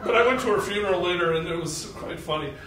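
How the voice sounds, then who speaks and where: A man in his forties from Arkansas, telling a personal story on stage in an animated way, laughing at his own tale. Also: high-pitched, fast, heavy background noise. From Arkansas, USA. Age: 40s. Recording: echoey hall, mic at a distance.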